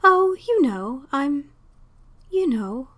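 A woman's voice: sits high, sing-song, measured pace. A woman voicing a kindly elderly landlady who sounds sniffly and close to tears. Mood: tearful. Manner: sniffly, emotional.

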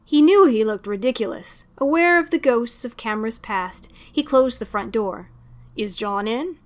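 A woman narrating a story aloud in a steady, expressive storytelling manner. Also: a little high, normal speed. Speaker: reader. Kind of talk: audiobook fan fiction reading.

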